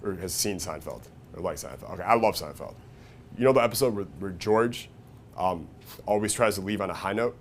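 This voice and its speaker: A man giving a casual, profane seminar talk to a live audience, often checking in with "right?" and "okay?" and acting out quoted people with sudden loud, high bursts. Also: brisk, slight background noise. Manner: acts out quoted voices with big jumps in pitch and volume. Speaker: seminar speaker.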